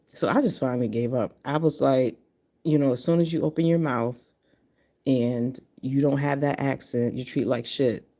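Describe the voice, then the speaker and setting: A woman's voice: extremely low pitch, fairly even intonation, normal speed, warm tone. A woman in her fifties from Connecticut, talking bluntly and profanely in a casual monologue to camera. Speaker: vlogger.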